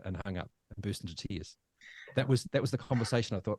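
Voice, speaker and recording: A New Zealand man in his fifties, a podcast guest telling his own story in a halting, emotional way with many restarts. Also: fairly low pitch, mellow, no room sound. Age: 50s. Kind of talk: personal storytelling.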